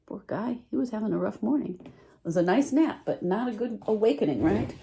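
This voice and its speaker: Warm animated woman reading a picture book. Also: medium pitch, fairly quick, gravelly, slight background noise. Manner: animated, asks listeners questions, lively voice swings. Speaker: teacher reading to children. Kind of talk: picture-book read-aloud.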